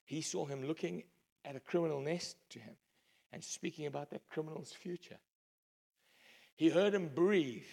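A man preaching a sermon, emphatic storytelling that swings between loud and hushed. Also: fairly high pitch, moderate pace, gravelly, long pauses.

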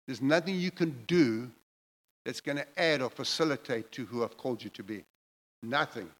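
A man's voice: mid-range voice, normal speed, a bit bright, rough recording. A man preaching a sermon, emphatic and repetitive, building his phrases in intensity as he goes.

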